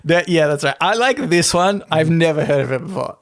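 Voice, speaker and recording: A man's voice: on the high side, brisk. A man co-hosting a podcast, reading out a list in casual comedic chat and often breaking into laughter. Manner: giggly, breaks into frequent laughter. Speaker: podcast co-host.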